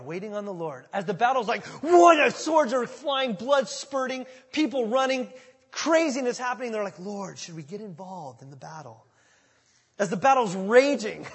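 A middle-aged man preaching a sermon, retelling a Bible story in a lively, casual way and acting out the characters. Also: high voice, slightly rough. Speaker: pastor. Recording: long hall reverb.

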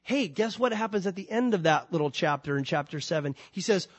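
A man preaching a sermon with a slightly high voice. He talks to the congregation like a conversation, full of questions. He jumps to loud, excited peaks and then drops to soft, quiet lines. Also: a little fast. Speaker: pastor.

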